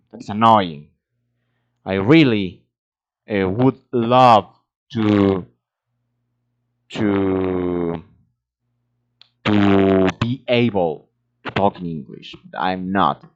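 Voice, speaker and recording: Speaking slowly with a lowish voice, this man keeps pausing to hunt for words and leans heavily on fillers. A native Spanish speaker, he vlogs about his language learning in a casual solo talk recorded at home with dull, lo-fi sound.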